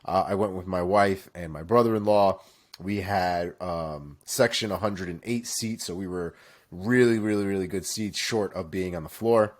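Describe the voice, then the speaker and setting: A man from Florida co-hosting a casual chat, telling stories with lively swearing. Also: sits low, normal speed. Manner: animated storytelling with swearing. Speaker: co-host.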